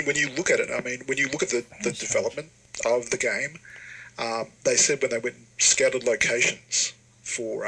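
Guy, podcast panelist, gravelly and bright-toned, rambling explainer. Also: mid-range voice, rough recording. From Australia. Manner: explains at length, many fillers. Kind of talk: casual podcast chat.

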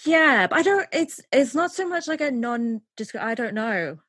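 A woman co-hosting a podcast in casual film chat, animated, laughing often and trailing off mid-sentence. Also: fairly high pitch, moderate pace, slightly rough, no room sound, clean studio sound. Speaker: podcast co-host.

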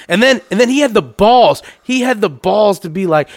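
A man telling a profane, rambling story in casual chat, dropping into a low mumble when he quotes people. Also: animated, moderate pace, creaky, a little mellow.

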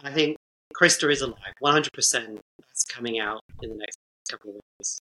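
Bright, emphatic podcast guest. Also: mid-range voice, a little fast, rough recording. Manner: emphatic, opinionated, joking. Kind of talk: casual chat.

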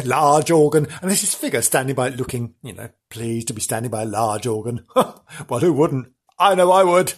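A man's voice: medium pitch, breathy edge. A man hosting a comedy podcast who tells ghost stories in a theatrical, playful way, full of innuendo and asides. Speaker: podcast host. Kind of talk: comedic ghost-story telling.

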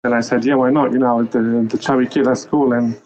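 A man in his thirties from Lebanon calls in to a podcast over a muffled phone line. He tells his story in a relaxed way, with frequent "um"s and pauses. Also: mid-range voice. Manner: relaxed storytelling, with soft laughs and hesitations. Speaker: caller. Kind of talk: casual phone-in chat.

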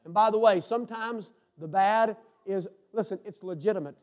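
A man preaching a sermon, swinging between hushed, intimate lines and fervent shouts. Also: high voice, normal speed.

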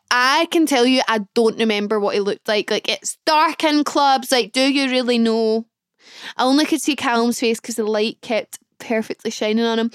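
A woman's voice: a little high, clean tone, dry recording, clean studio sound. A woman in her twenties hosting a podcast, telling a story casually and chattily, full of "like" and acting out her own thoughts. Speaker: podcast host.

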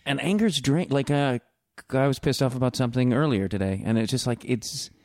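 A man's voice: medium pitch, fairly quick, darkish tone, dry recording, clean studio sound. A man talking as a guest on a podcast, casual and joking, swearing now and then. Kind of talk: casual conversation.

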